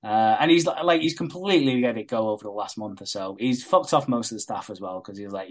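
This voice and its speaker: A man on a podcast, recapping a soap episode with lively, sweary enthusiasm. He jumps into quoted lines and talks in a loose, chatty way. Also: on the low side, fast talker, few pauses. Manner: animated retelling, swears a lot, laughs often. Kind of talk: casual sweary chat.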